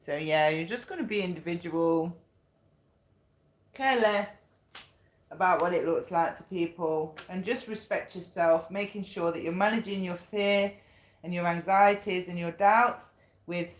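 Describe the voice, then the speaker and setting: A woman giving a casual spoken tarot reading, chatty and blunt, repeating her points and swearing now and then. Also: fairly low pitch. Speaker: tarot reader. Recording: echoey room.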